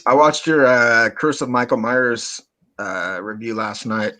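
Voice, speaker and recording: A man's voice: mid-range voice, measured pace, sharp tone. Laid-back man hosting a call. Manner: laid-back, frequent "uh" fillers. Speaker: podcast host. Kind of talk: casual chat.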